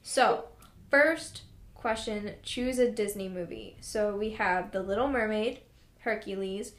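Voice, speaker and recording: A woman's voice: mid-range voice, slow pace, echoey room. A young woman co-hosting a podcast, chatting casually and sarcastically with many fillers. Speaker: podcast co-host.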